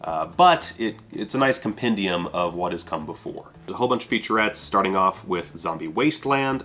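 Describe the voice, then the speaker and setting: A man's voice: low voice, fairly bright tone. A man casually reviewing a home video release, offhand and self-deprecating, with casual swearing.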